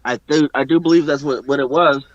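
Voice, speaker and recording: A man's voice: a little high, steady tone, brisk, dry recording. A man gives blunt opinions in a loose podcast chat, stumbling and repeating words as he starts his thoughts. His voice comes through a dull, dry remote line. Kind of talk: casual chat.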